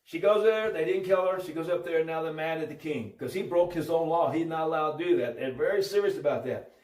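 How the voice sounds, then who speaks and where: A man telling a Bible story in an informal preaching style, animated and full of restarts. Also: on the high side, fast talker, distant mic. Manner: animated, acts out voices, many restarts. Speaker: religious storyteller. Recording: roomy audio from off-mic.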